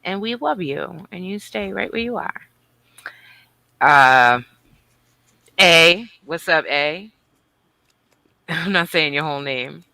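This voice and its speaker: A woman's voice: sits low, lively intonation, slow, gravelly, pushed and bright, dry recording. A woman co-hosting a casual livestream, bubbly and teasing as she greets viewers. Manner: bubbly, teasing, swings between squeals and mutters. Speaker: livestream co-host.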